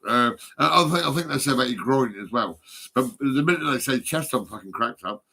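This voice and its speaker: A man's voice: medium pitch, expressive, brisk, sharp tone, breathy edge. Sweary, giggly man in his fifties. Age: 50s. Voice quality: sweary, giggly, rambling, often laughing. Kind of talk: rambling phone vlog monologue. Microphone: phone.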